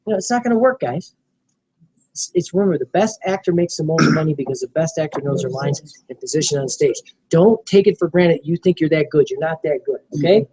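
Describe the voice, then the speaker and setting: A man training a small group in network marketing, animated and coaching, often acting out sales dialogue. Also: on the high side, brisk, breathy edge, poor audio.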